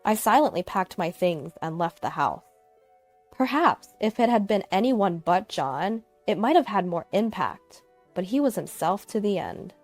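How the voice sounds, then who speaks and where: Expressive woman narrating a story. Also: mid-range voice, measured pace, soft background music. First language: English. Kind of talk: scripted first-person story narration.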